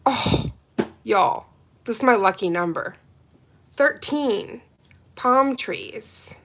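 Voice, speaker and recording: Slow-talking gushing woman streamer. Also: on the high side. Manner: gushing, excitable, chats with viewers. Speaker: nail art livestream host. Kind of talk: casual live unboxing chat.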